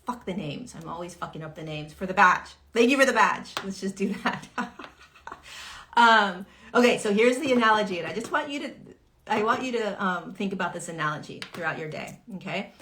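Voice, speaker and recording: A woman's voice: mid-range voice, expressive, a little fast, pushed and bright, a little hiss or hum. Casual, candid woman teaching on a livestream. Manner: earnest, conversational, swears freely, acts out quoted voices. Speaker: spiritual teacher hosting a livestream.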